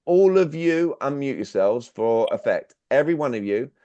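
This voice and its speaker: Over a dull, dry video call with no room sound, a man leads a sales workshop online, pressing his listeners with direct questions. He speaks at a normal speed in a mellow, medium-pitched voice with lively intonation.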